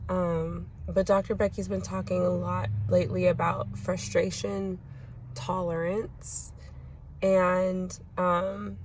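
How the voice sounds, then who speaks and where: Give me a young mother in a casual vlog, speaking slowly and reflectively. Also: fairly low pitch, level tone, noisy background. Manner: reflective, gentle, with many pauses and fillers. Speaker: mother sharing a parenting story.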